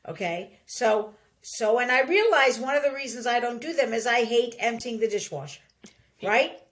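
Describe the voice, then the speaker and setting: This podcast host, a middle-aged woman, offers casual advice at a moderate pace in a slightly high voice. Animated throughout, she imitates the voices of people she quotes.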